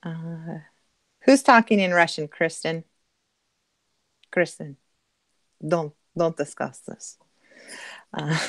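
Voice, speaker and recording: A middle-aged woman chats casually on a live stream, reading out viewer comments and laughing as she answers them. Her voice sits a little low for a woman. The recording is close and dry. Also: slow pace, pauses often, no echo. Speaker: livestream co-host reading chat.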